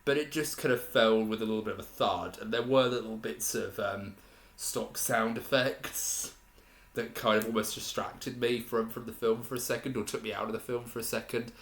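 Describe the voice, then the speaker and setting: A young man with a fairly low voice talks through a film review, rambling and hesitant, often stopping to restart a thought. His voice carries a noticeable room echo. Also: steady tone, moderate pace, a bit bright. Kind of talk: casual spoken review.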